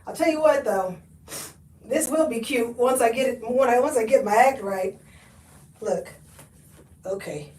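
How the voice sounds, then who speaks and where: A woman's voice: on the high side, measured pace, long pauses, a little mellow, far from the mic. A woman hosting a live thrift try-on, chatting folksy with viewers, laughing and calling them honey and y'all. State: out of breath. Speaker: thrift haul livestream host. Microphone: camera mic, often stepping away from it. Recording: echoey room, voice often off-mic.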